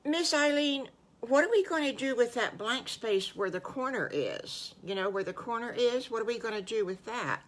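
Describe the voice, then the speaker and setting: Storybook little girl pig, high and squealy, eager , played by an older woman. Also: lively intonation, moderate pace, natural voice. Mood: anxious. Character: excited little girl pig schoolchild, worrier.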